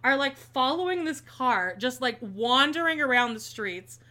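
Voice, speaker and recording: A woman tells a story in relaxed conversation. Her voice is bright and pitched a little high, and she acts out each quote with lively energy while cursing freely. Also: a little slow. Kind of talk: casual chat.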